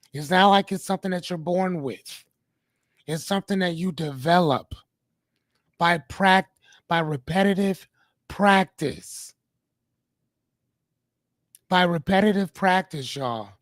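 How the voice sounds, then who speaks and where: This podcast host's voice is on the high side, recorded dry with clean studio sound. He wanders through his talk casually, self-correcting and chatting with his listeners.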